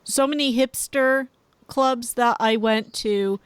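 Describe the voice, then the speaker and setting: A woman hosting a podcast, asking measured follow-up questions and sharing her own stories. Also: fairly high pitch, clean tone, no echo. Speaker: podcast host. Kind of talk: casual interview.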